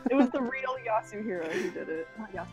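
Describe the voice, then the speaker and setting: A woman chatting casually as a guest on a livestream, giggly and rambling, and a bit hoarse from losing her voice. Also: medium pitch, animated, rapid-fire, music in the background, low-quality recording. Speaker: guest streamer. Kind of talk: casual chat while livestreaming.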